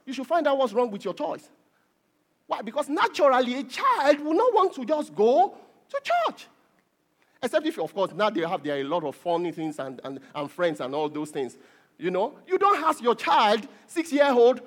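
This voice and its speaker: A middle-aged man preaches with a high, bright voice. His pitch swings widely, leaping up on key words and sinking low on asides. He presses his points home with emphatic repetition. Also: sing-song, normal speed. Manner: preachy, rising to emphatic peaks with repeated words. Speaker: pastor. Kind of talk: sermon.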